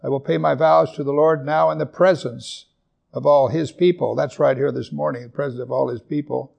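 A man pastor preaching a sermon, earnest, repeating and slowing down on scripture verses for emphasis. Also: fairly high pitch, creaky, darkish tone.

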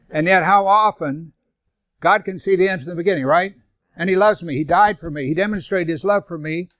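Older male Bible teacher, higher-pitched voice, dry close recording, reads scripture between casual asides. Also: no echo. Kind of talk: sermon-style Bible study.

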